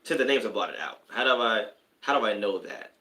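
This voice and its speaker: Animated man hosting a live stream, echoey room. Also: on the low side, a little fast. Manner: rambling, with preacher-like bursts of emphasis. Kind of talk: casual live-stream talk to viewers.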